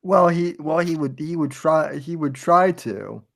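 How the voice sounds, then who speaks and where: A man hosting a podcast in casual chat, speaking haltingly with lots of restarts and a bemused tone. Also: a little high, creaky. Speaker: podcast host.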